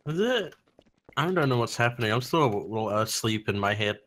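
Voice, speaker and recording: Guy gaming w friends, bright sharp voice, gets real animated and keeps calling people out. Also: mid-range voice, fairly quick. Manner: excitable, accusing. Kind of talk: casual gaming banter.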